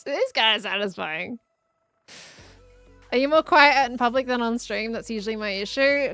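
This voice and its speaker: A woman's voice: on the high side, animated, a bit bright, dry recording, soft background music. A young Australian woman chatting casually on a live game stream, answering chat as she builds. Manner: chatty, reading and answering chat, quick laughs.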